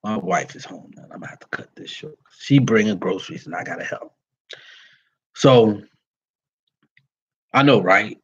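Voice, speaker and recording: Folksy Vodou priest talking to followers. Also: male voice, lowish voice, normal speed, pauses often, a bit bright, slightly rough, muffled recording. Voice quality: folksy and plain-spoken, uses y'all. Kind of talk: casual livestream talk to followers.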